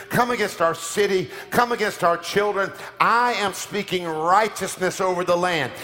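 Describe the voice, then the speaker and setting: A man preaching a sermon, leading the congregation in call-and-response declarations and rising into shouts. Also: high-pitched. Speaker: pastor. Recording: music playing behind.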